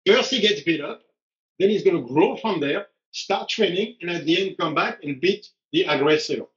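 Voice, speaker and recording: A man's voice: sits high, moderate pace, a bit bright. A man, a strength coach, talking bluntly and animatedly on a live stream, acting out quotes as he goes. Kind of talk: casual conversation on a live stream. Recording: dull lo-fi live stream audio.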